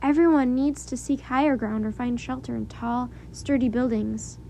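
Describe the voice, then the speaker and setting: An anxious young boy tries to sound steady, as a woman reads him aloud. The tone is soft and mellow and the pitch is high. It is a storybook reading. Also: normal speed, gravelly, slight background noise. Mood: earnest. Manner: earnest, anxious. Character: young boy, trying to stay calm.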